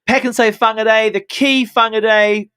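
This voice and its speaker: A man's voice: high-pitched, steady tone, moderate pace, bright, forceful tone, clean tone, no room sound. A man with a New Zealand accent co-hosting a radio show, playful and theatrical, in a studio. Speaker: radio host. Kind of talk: casual radio banter.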